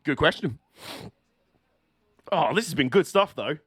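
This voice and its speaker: A man with a high, light voice calls a motor race live for his stream, bursting into laughter and swearing freely. He sounds excitable and quick to react. The sound is dry and close, with no room around it. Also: breathy edge, no echo. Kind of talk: live watch-along race commentary.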